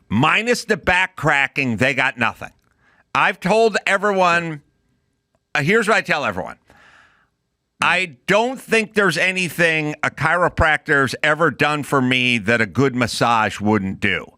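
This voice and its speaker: A man's voice: fairly high pitch, lively intonation, unhurried, sharp tone, no room sound, clean studio sound. A middle-aged man co-hosting a podcast, riffing in comedic casual chat and acting out voices and sound effects. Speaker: podcast co-host.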